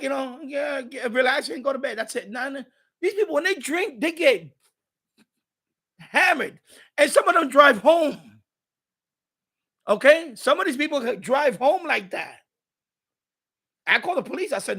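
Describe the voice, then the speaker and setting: A man hosting a casual live stream, telling a story in an animated, ranting way and chatting with viewers. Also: very high voice, slightly rough.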